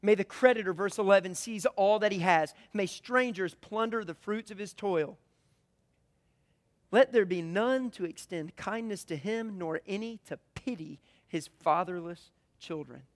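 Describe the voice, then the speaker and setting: A man preaching a sermon in a conversational way, swinging between loud emphatic lines and hushed, quiet ones. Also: high voice, a little slow, big-room sound. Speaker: pastor.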